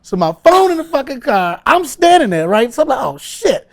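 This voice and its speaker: Animated laughing male comedian storyteller. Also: extremely high pitch, fairly quick. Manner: animated storyteller, laughs often, acts out voices. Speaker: comedian guest. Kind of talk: storytelling in an interview.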